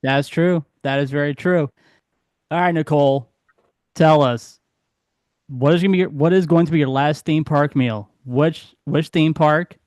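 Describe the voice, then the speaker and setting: A man hosting a relaxed roundtable chat, talking in a slightly high voice. He asks eager questions and tends to repeat his words as he goes. The sound is dry and close. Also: a little slow, dry recording. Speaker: podcast host. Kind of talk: casual chat.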